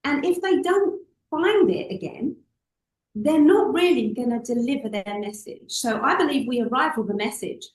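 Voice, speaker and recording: Expressive woman speaking high. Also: moderate pace, roomy sound, rough recording. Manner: expressive, acts out voices in anecdotes. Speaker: public speaking coach. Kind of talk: interview guest, storytelling.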